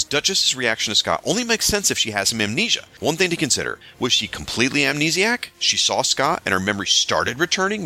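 A man with a bright, forceful voice and a lively, swinging pitch hosts a podcast. He reads listener letters aloud at a quick clip and drops chatty asides between them. His voice sits a little low for a man. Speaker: podcast host reading listener feedback. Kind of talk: casual podcast listener-mail segment.

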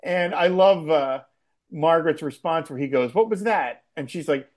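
A podcast co-host chatting casually about a TV episode, laughing often and acting out quoted lines. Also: male voice, a little high, moderate pace. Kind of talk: casual chat recapping a TV episode.

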